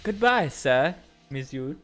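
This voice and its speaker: A man's voice: on the high side, sing-song, slow, fairly bright tone, faint music behind. A man giving playful reaction commentary while playing a game, joking, swearing and mimicking characters. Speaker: gaming streamer.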